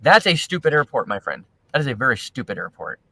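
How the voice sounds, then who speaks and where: A man's voice: mid-range voice, very animated, fast talker, sharp tone, slightly rough, poor audio. A man co-hosting a livestream, chatting casually and retelling stories, often quoting other people. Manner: chatty, quotes people while telling stories. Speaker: livestream co-host. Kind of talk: casual chat.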